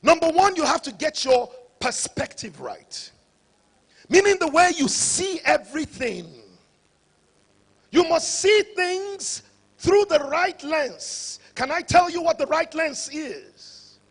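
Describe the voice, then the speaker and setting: A man giving a motivational conference talk, preacher-like and rising to shouts for emphasis. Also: very high voice, animated, slow pace. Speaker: conference speaker.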